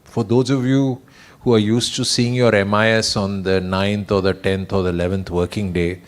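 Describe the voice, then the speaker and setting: A man with a fairly low voice tells stories from his career in a relaxed, self-deprecating manner. He speaks plainly and takes his time, with a dry touch of humor. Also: moderate pace. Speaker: senior executive honored at a farewell. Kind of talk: reminiscing speech. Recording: online webinar audio.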